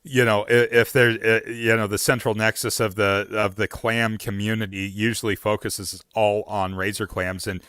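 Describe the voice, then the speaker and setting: A man's voice: fairly low pitch, little pitch movement, normal speed, few pauses, fairly bright tone, smooth, dry recording, clean studio sound. A man hosting a casual outdoors livestream, rambling with lots of fillers and restarts. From Oregon. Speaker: livestream host.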